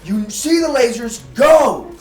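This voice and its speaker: A furious male fighter barks orders at his squad and curses his useless allies, as a man puts him on. His yells ring high and loud through a roomy space, with music playing behind. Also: expressive, slow pace, recorded from a distance, exaggerated voice. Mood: bossy yelling. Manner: yelling, cursing, bossy.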